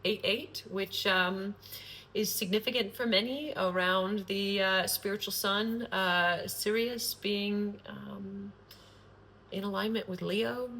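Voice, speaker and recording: A woman's voice: medium pitch, steady tone, slow pace, pushed and bright, slight background noise. A woman talking to camera in a loose, rambling monologue, earnest and sprinkled with swearing. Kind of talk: casual spontaneous monologue.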